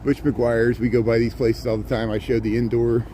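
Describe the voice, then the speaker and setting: A man's voice: mid-range voice, little pitch movement, normal speed, mellow, rough recording. A man casually chatting while walking outdoors on a cold, windy street, rambling and answering viewers as he goes. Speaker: vlogger giving a city walking tour. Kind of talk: casual walking livestream chat.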